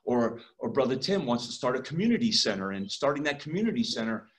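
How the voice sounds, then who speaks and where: A man preaching a sermon as pastor, emphatic, swinging between loud and quiet passages. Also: mid-range voice, very animated, fast. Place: church. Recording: echoey room.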